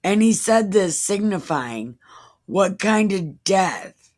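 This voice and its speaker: Slow, sarcastic woman reading scripture. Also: mid-range voice, animated, a little mellow. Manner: sarcastic asides, incredulous. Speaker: comedic Bible reader. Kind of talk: irreverent comedic scripture reading.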